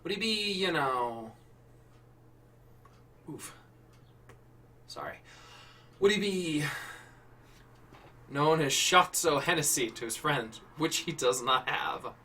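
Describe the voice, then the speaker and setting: A man's voice: a little high, expressive, slow pace, long pauses, bright, forceful tone, slightly rough, distant mic. A man hosting a casual prompt show, rambling and correcting himself as he talks, with frequent swearing. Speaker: host. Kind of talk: casual improv prompt chat.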